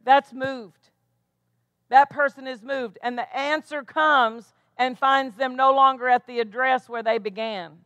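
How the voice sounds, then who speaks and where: A woman's voice: high-pitched, fairly even intonation, a little slow, a bit bright, no echo. A woman pastor preaching a sermon with emphatic delivery, tossing questions back to the congregation. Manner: emphatic preaching with call-and-response asides.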